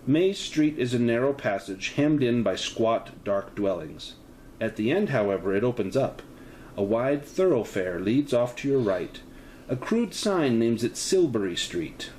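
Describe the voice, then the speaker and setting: A man's voice: unhurried, a little hiss or hum, low-quality recording. A man running a solo tabletop horror game, narrating the scene in detail and offering choices to a player. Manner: descriptive, with lively pitch, offering choices. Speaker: game master.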